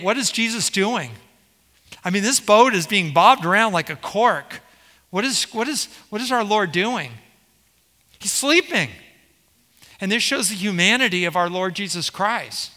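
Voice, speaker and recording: High, bright-voiced preaching man. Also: big-room sound. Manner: expository preaching with rhetorical questions to the congregation. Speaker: pastor. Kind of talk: sermon.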